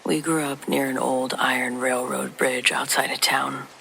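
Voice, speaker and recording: A narrator whispering a true horror story in a soft, hushed voice, with faint rain behind. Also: medium pitch, little pitch movement, normal speed, gravelly, a little hiss or hum, poor audio.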